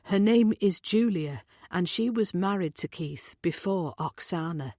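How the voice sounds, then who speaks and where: A woman's voice: fairly low pitch, expressive, measured pace, darkish tone, dry recording, clean studio sound. A woman reading the part of a worried man searching for his missing sister, speaking earnestly and apologetically.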